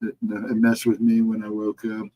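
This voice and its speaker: A middle-aged man hosting a casual livestream, reading the chat and answering viewers in a relaxed, reassuring way. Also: on the low side, moderate pace, low-quality recording. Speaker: livestream host.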